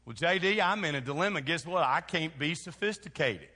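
Preaching with lively intonation at a fairly quick pace, this Kentucky pastor with a Southern accent moves from quiet passages to shouted calls to action. His sermon echoes with long hall reverb.

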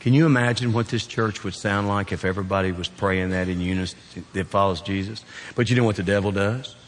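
A man with a Southern Kentucky drawl preaching a sermon in a church, folksy and joking, swinging from loud emphatic peaks down to quiet, low appeals. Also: a little fast. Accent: Southern US, South Central Kentucky. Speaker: pastor. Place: church sanctuary. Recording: long hall reverb.

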